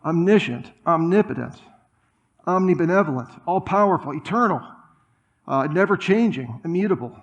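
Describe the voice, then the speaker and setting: A man preaching a sermon in a church, conversational and animated, with asides and humor. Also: fairly high pitch, moderate pace, muffled recording. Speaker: pastor. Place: church auditorium.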